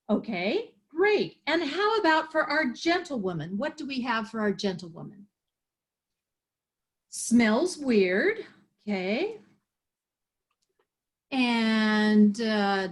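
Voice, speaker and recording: A woman hosting an improv show, collecting audience suggestions and setting up scenes. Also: sits high. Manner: upbeat, taking audience suggestions. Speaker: improv host.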